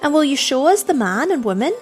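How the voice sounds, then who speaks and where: Pleading little children, as a woman puts them on, their voices jumping high and swinging widely from line to line. They sound breathless and eager, as if begging in a storybook reading. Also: big pitch swings, fairly quick, faint music behind. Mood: desperate.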